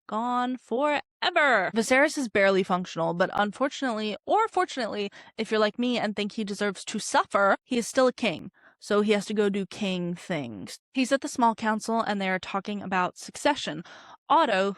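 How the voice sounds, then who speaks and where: A woman's voice: mid-range voice, no room sound, studio quality. A woman casually recapping a show in a sarcastic, opinionated way. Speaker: recap video host.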